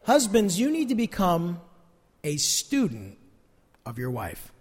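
Earnest male preacher, high voice, echoey church hall. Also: takes it slowly, breathy edge. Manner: earnest, animated preaching with emphatic repetitions. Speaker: pastor. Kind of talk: sermon.

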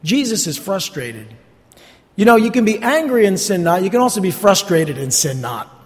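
With a high, sing-song voice at a moderate pace, a North Jersey pastor gives a conversational sermon in a New Jersey accent. Sarcastic asides and repeated words run through it, and the sound carries a long hall reverb.

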